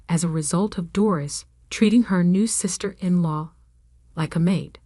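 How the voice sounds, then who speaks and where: Low-voiced woman narrating a story. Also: normal speed, dark tone, no echo, studio quality. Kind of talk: scripted first-person story narration.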